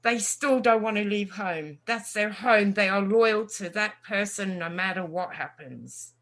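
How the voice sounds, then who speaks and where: A woman guest on an interview podcast, a lively storyteller chatting casually and acting out what others say. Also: medium pitch, measured pace. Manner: lively storyteller, acts out quotes. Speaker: guest, animal communicator.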